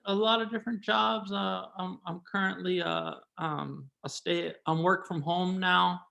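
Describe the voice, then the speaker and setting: Slow, halting man doing stand-up. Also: a little high, vocal fry, fairly bright tone. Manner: halting, rambling, full of fillers and restarts. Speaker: stand-up comedian. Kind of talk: absurd deadpan stand-up over a video call. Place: at home. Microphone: video call.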